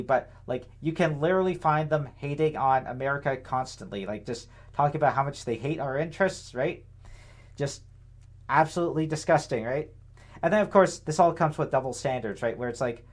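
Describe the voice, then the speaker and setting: A young man with a somewhat high voice talks through political commentary in a loose, unscripted way. He rambles, leans on fillers and tag questions, and sounds sarcastic and indignant. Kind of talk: casual commentary monologue.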